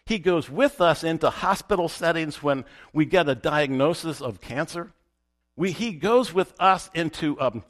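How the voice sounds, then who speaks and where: Man, pastor, sermon delivery, emphatic, repeats key lines, animated pitch.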